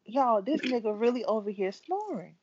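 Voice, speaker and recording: High, lively woman acting out stories. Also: moderate pace. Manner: animated, acts out quotes in voices. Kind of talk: casual group chat. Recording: dull lo-fi call audio with faint noise.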